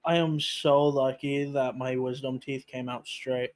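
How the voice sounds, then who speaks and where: A man's voice: mid-range voice, little pitch movement, unhurried, darkish tone. A young man in casual stream chat, easygoing and teasing.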